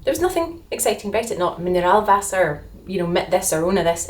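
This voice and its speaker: A woman with a Glasgow accent chats her way through a travel vlog in a fairly low voice. She tells her stories in a friendly, self-deprecating way. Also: animated, fast, few pauses, a little hiss or hum. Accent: Glaswegian Scottish. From Scotland. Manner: chatty, self-deprecating storyteller. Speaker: vlogger on a motorbike tour.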